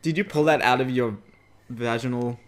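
Speaking at a normal speed in a mid-range voice, a man plays a zombie game on camera for his YouTube channel. Through a desktop USB microphone at home, he jokes nervously, swearing and yelping whenever something scares him.

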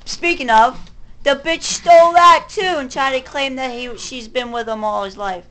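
A high-pitched woman in her forties unloads a furious, rambling rant full of swearing. She talks as if venting straight at the camera. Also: normal speed, a bit bright, slight background noise, poor audio. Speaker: vlogger. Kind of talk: angry venting monologue.

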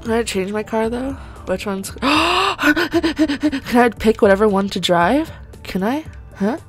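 A woman giving excited, gushing commentary while playing a racing game, swearing freely and often gasping and laughing. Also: a little high, unhurried, slightly rough, soft background music. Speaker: gaming channel host.

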